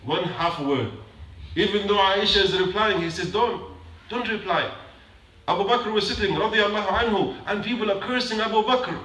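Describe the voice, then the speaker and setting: A man speaks in a high, bright, strained voice at a fairly quick pace, delivering a short, emphatic sermon in a mosque prayer hall, repeating his points and questioning the congregation. The recording is distant and echoey.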